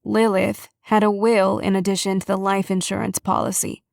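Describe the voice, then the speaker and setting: Grieving aunt figure, soft and quavering, dry close read; a woman narrator does the part. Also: mid-range voice, little pitch movement, moderate pace, creaky, no room sound, natural voice. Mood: measured, sorrowful. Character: grieving middle-aged woman, sister's guardian. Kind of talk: audiobook character reading.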